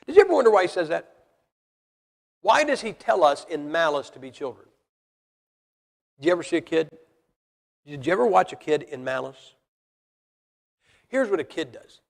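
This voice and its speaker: This preacher has a high voice with lively intonation, vocal fry, a moderate pace, and frequent pauses. He speaks bluntly and folksily to his congregation in a church hall, peppering them with rhetorical questions. The sound carries the long reverb of a big hall.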